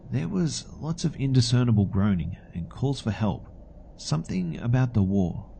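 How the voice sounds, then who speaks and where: A man telling a first-person horror story in scripted narration, calm and matter-of-fact. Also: on the low side, vocal fry, a little hiss or hum.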